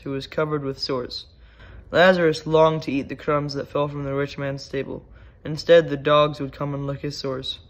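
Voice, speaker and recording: A man leading worship, reading scripture and liturgy in a measured, solemn way. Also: on the high side. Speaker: worship leader. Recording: dull lo-fi recording.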